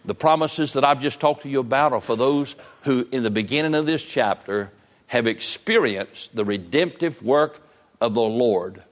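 An older man preaching a sermon, telling folksy stories with an earnest, gently urgent manner. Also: medium pitch, moderate pace. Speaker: pastor.

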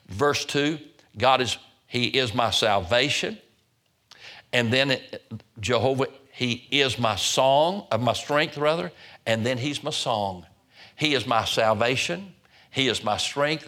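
Older man, folksy preacher at the pulpit. Bright, forceful tone, middle pitch. Stumbles and repeats as he builds his points. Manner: folksy, repeats words and restarts phrases. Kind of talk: sermon.

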